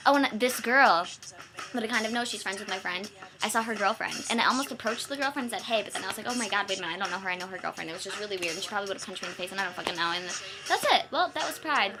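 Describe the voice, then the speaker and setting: A woman's voice: mid-range voice, lively intonation, very fast, over music. A young woman vlogging in a rambling, incredulous way, swearing and saying "like" constantly. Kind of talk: casual vlog rant.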